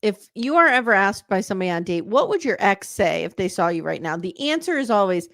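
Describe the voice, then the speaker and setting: A woman's voice: mid-range voice, big pitch swings, quick pace, few pauses, a bit bright, dry recording, clean studio sound. A woman co-hosting a podcast, making wry, joking asides about a reality show in casual chat. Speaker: podcast co-host.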